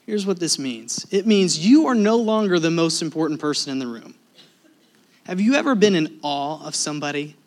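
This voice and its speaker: A high-pitched man delivering a sermon from the pulpit, his stories animated and lively. He swings between punchy emphasis and soft, hushed asides. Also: normal speed. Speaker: pastor.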